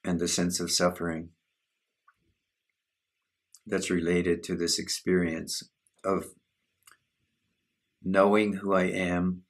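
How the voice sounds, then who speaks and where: A spiritual teacher leads a satsang in a very low, husky voice. He speaks slowly and in a measured, contemplative way, guiding listeners through self-inquiry.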